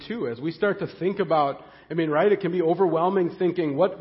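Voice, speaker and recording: A man preaching a sermon as pastor, earnest and excitable, often repeating the first words of a phrase as he goes. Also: on the high side, long reverb tail, highs cut off.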